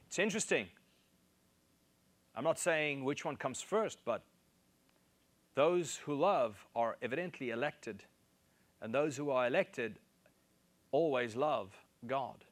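A man preaching a sermon, reading scripture and repeating key phrases for emphasis. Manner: emphatic, repeats key phrases, rises in pitch to stress points.

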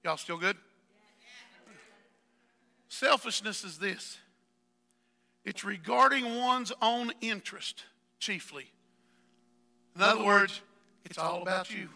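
A man preaching a fervent sermon as pastor, calling on members of the congregation by name and building up to shouting, recorded in a church. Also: high-pitched, slow, gravelly, pauses often. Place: church sanctuary. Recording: long church hall reverb.

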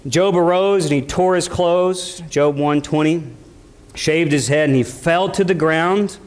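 A man preaching a sermon with passion, moving from hushed low passages to rising emphatic peaks, with casual conversational asides. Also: moderate pace. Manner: impassioned, swings between quiet lows and rising emphatic peaks.

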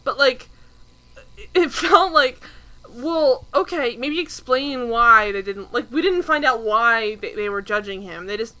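A young adult woman co-hosting a casual podcast recap, talking in an animated way with frequent laughs and lots of "like". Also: on the high side, measured pace. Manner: animated, laughing, heavy use of "like". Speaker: podcast co-host recapping a TV show. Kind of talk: casual chat.

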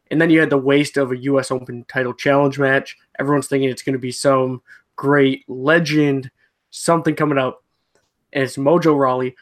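A man hosting a podcast, running through wrestling matches in a matter-of-fact way with frequent "uh"s. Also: medium pitch. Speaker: podcast host. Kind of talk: casual wrestling review chat.

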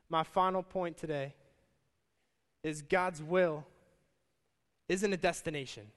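High-voiced energetic preacher in a reverberant hall. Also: male voice, slow. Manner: energetic, conversational, addresses crowd as guys. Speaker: pastor. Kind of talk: sermon. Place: church service with stage and band. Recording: long church hall reverb.

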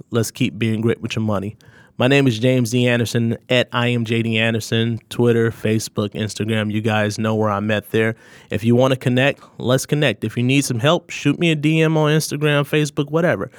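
A man's voice: medium pitch, dry recording. A man hosting his own podcast, talking straight to listeners in an earnest, heartfelt, motivational way. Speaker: podcast host. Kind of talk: solo podcast thank-you message.

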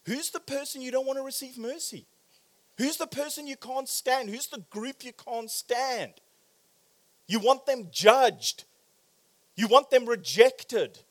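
A man preaching a sermon in a church, animated, swinging from loud exclamations to quiet, probing questions. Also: extremely high pitch, measured pace. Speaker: pastor.

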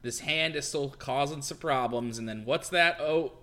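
A man's voice: mid-range voice, moderate pace, pushed and bright. A man chatting casually while reading a comic, laid-back and swearing freely. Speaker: co-host. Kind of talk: casual chat.

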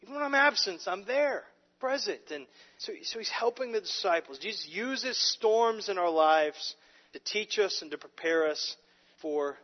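Pastor preaching in a reverberant hall. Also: male voice, on the high side. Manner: emphatic preaching with frequent repeated words and restarts. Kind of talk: sermon. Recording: muffled audio with long hall reverb.

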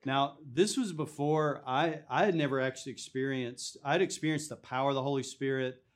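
A man of average pitch tells his story in a relaxed, conversational way. He speaks earnestly and sometimes laughs at what he recalls. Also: a little fast. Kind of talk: casual testimony chat.

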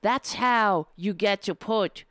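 Impassioned woman ranting, slow and smooth. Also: mid-range voice, a bit bright, no room sound, studio quality. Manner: impassioned, indignant, with halting restarts. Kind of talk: opinion monologue.

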